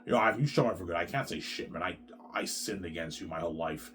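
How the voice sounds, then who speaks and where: A man's voice: sits low, quick pace, fairly bright tone. A middle-aged man delivering a profane, repetitive ranting monologue to camera, tacking "man" onto the end of his phrases. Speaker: vlogger.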